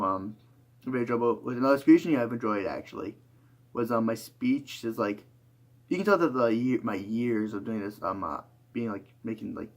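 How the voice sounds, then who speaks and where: A tired young man talking through a rambling, reflective monologue, full of fillers and restarts. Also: medium pitch. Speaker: YouTuber.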